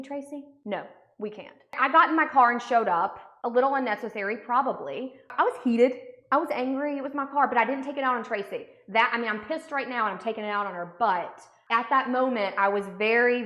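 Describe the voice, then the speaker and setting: Doing her makeup, a young woman vlogger rants through a story, indignant and sarcastic. She talks a little fast in a somewhat high, slightly bright voice, and the highs are cut off. There's a roomy echo.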